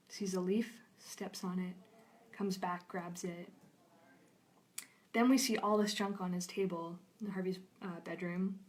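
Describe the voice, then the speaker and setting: A young adult woman, a storyboard artist, walks through an episode pitch on a live stream in an upbeat, bubbly way and laughs easily. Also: a little mellow. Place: studio during a live stream.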